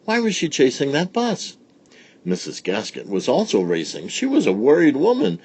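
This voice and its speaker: A man reading a children's story aloud in a playful, expressive way. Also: on the high side, moderate pace, no room sound.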